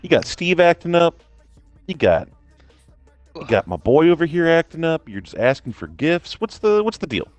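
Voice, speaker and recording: A man's voice: on the high side, big pitch swings, normal speed, dry recording, faint music behind, pitched above the performer's own voice. A man voicing a brash young male adventurer who makes pushy, slangy demands.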